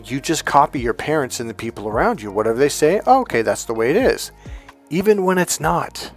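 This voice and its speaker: An emphatic man talking straight to the listener as a relationship coach. His voice sits at an ordinary middle pitch and swings between loud, punchy stresses and quiet asides. Faint music plays underneath. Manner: emphatic, animated, acts out quoted voices. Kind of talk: motivational monologue to camera.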